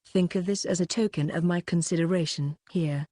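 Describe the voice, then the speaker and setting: A woman's voice: lowish voice, normal speed, warm tone, dry recording, studio quality, lightly acted. A woman doing Laura, a prim archaic archbishop. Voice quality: stilted archaic phrasing. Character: young woman archbishop, archaic, flustered yet haughty.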